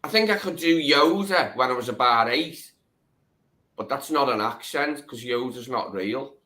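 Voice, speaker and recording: A man's voice: medium pitch, animated, moderate pace, sharp tone. A man co-hosting a live stream, chatting casually in a blunt, plain-spoken way. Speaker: co-host. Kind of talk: casual chat.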